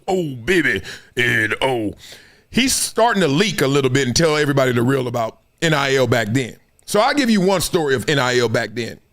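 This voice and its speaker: A man's voice: a little high, fairly bright tone. A man, hosting a show and telling stories casually, acting out quotes in raised voices and laughing often. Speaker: show host. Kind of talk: casual storytelling commentary.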